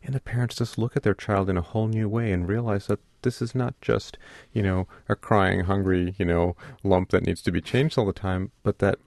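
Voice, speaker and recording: Deep-voiced man explaining earnestly. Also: fairly even intonation, fairly quick, creaky, a little mellow, no echo. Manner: earnest, explanatory, repeats words when starting. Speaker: pediatrician guest. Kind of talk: radio interview.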